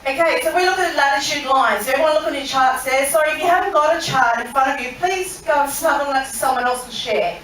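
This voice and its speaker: A woman's voice: high voice, fast, hardly any pauses, fairly bright tone, a little hiss or hum. Chatty woman lecturing in a hall. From Australia. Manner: chatty, asks the audience questions, laughs at her own story. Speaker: presenter. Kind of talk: interactive talk to an audience. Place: large room on a cruise ship. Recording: very echoey hall, voice from far off.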